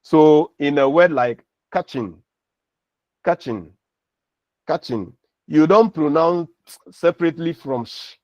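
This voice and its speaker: Speaking in a fairly high, unhurried voice, a university lecturer patiently walks through phonetics and repeats example words. The lo-fi recording sounds dull but has no echo.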